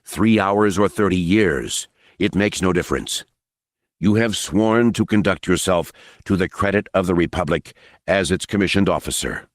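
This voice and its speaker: A male narrator voicing a calm, stern general who speaks in clipped, controlled orders. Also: low voice, normal speed, no room sound, studio quality, close to an everyday voice.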